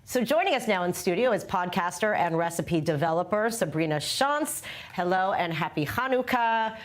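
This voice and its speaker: A woman's voice: fairly low pitch, animated, moderate pace. A woman hosting a studio news show, chatting casually and eating as she talks. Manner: chatty, eats while talking. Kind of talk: studio interview.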